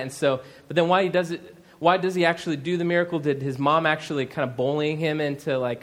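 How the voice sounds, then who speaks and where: Conversational man preaching a sermon, slightly high. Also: fairly even intonation, fast, few pauses. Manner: conversational, with many fillers and asides. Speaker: pastor.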